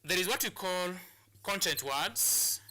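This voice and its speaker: A man's voice: high-pitched, animated, slow pace, background noise. A man from Kenya teaching an English lesson, explaining step by step and often repeating and restarting words. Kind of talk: classroom lesson on a television channel.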